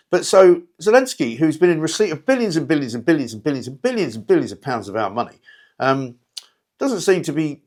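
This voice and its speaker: A man hosting a talk show, delivering a sardonic, rambling, opinionated monologue straight to listeners. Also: medium pitch. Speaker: radio talk show host.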